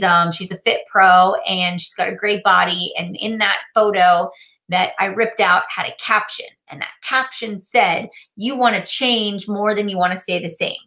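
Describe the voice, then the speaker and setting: A woman in her thirties, a fitness coach, telling her own story in a lively testimonial and acting out the lines she quotes. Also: mid-range voice. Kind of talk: personal testimonial to camera.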